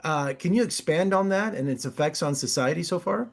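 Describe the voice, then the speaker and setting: A middle-aged man with a fairly high voice hosts a casual interview. He is chatty and eager and stumbles over a word here and there. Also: lively intonation, fairly quick, gravelly. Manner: chatty, enthusiastic, stammers a little. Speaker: film critic host.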